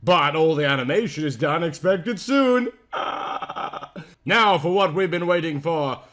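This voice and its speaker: A man's voice: fairly high pitch, animated, measured pace, a bit bright. A man hosting his channel, giving a mock-serious comedic reading of fan fiction. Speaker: channel host.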